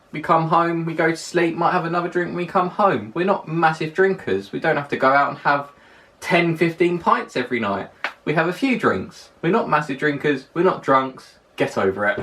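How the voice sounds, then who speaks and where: A man's voice: fairly high pitch, a bit bright. A young man with a well-spoken London accent talks through a casual countdown list on his vlog. He is chatty and emphatic and doubles up words for stress. His voice is picked up from a little way off the microphone. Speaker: vlogger. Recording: voice a little distant from the mic.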